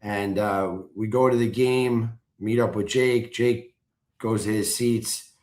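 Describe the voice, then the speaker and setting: A man in casual chat, excitedly telling a story and acting out his own shouted chants. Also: lowish voice, takes it slowly. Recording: roomy echo.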